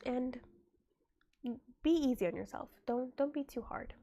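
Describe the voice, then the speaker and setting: A woman's voice: sits high, expressive, normal speed, creaky, long pauses, warm tone, faint music behind. Chatty young woman getting over a cold. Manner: chatty, reads and answers chat aloud. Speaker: livestreamer. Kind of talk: casual livestream chat.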